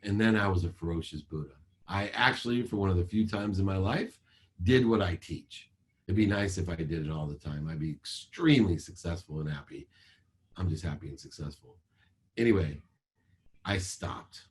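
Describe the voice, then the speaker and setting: A man in his forties giving a motivational talk over a video call, measured and emphatic, ticking through points like a list. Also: deep voice, animated. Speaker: motivational speaker.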